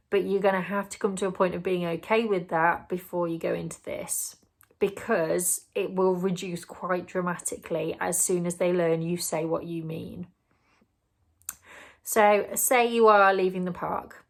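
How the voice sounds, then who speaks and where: A woman's voice: on the low side, creaky. A woman giving earnest, explanatory parenting advice to camera, sometimes acting out what a parent or child might say. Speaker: parenting vlogger.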